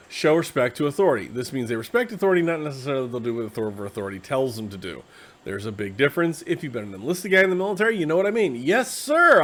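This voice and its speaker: A tired man hosting a casual, rambling explanation of a tabletop game class, slipping into quick acted asides. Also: mid-range voice. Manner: conversational, acts out quick quoted asides. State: tired, yawning.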